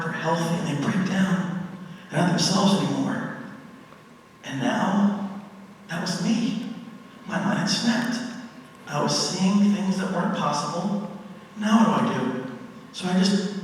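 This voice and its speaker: A man's voice: high-pitched, slow, long pauses. A man telling a dramatic first-person ghost story to a live audience, acting out his own exclamations. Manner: dramatic, animated retelling with acted-out exclamations. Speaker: paranormal speaker. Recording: echoey hall, mic far off, faint noise.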